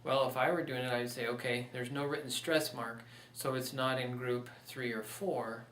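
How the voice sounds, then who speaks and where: A man's voice: mid-range voice, steady tone, normal speed, a bit bright, distant mic, a little hiss or hum. A man teaching a recorded Spanish pronunciation lesson, patiently walking through examples step by step. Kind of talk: recorded online lecture. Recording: echoey room, voice off-mic.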